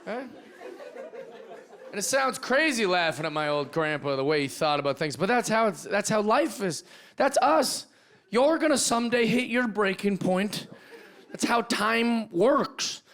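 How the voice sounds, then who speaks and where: A man from Seattle works a comedy club stage, ranting energetically and tossing in "right?" after punchlines. His voice sits high for a man. A live audience murmurs and laughs faintly behind the handheld mic. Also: expressive, unhurried, a bit bright, some chatter behind. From Seattle, USA. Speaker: stand-up comedian. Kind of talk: stand-up comedy set.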